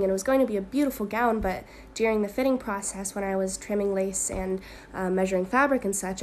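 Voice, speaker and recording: A woman's voice: mid-range voice, slight background noise. Woman spinning a rambling daydream story. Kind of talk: whimsical storytelling monologue.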